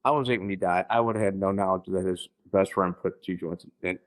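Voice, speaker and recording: Male guest, 50s, from Missouri, low voice; halting personal storytelling with restarts and throat-clearing. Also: steady tone, poor audio. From Missouri, United States. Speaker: podcast guest.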